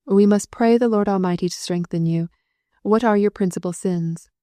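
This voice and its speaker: Kindly weary old priest, rapid habitual patter, read by a woman narrator, mellow voice. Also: medium pitch, dry recording, clean studio sound, lightly acted. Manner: rapid, habitual, unbroken delivery. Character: little old male priest, kindly, weary, quick-speaking.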